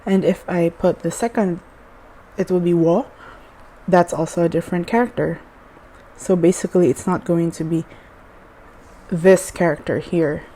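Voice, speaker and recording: A woman giving a casual language lesson at a writing board, hesitant and unhurried, with many fillers and restarts. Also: on the low side, dark tone, rough recording. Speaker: language teacher.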